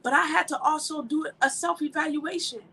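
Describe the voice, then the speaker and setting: A woman's voice: high-pitched, fairly quick, pushed and bright, low-quality recording. A woman giving an informal sermon, emphatic and conversational, telling personal stories and laughing along the way. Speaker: ministry speaker.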